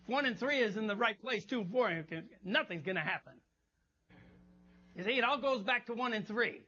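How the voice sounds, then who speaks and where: High, bright-voiced man coaching jazz. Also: a little fast, slight background noise. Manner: animated, scats rhythms and chants phrases. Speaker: jazz instructor. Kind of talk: masterclass coaching a band. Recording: muffled lo-fi recording.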